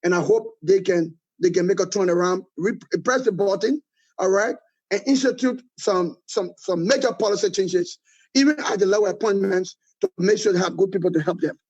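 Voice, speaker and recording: The muffled audio captures a middle-aged man, a guest who leads a political movement, speaking at normal speed with a Liberian accent. His high, slightly mellow voice has a breathy edge as he presses his political criticism by repeating it emphatically.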